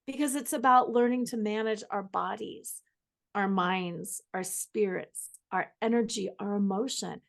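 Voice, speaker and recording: A woman's voice: medium pitch, unhurried, vocal fry. A woman author and coach speaking enthusiastically as a guest, describing her sessions. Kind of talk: casual interview answers.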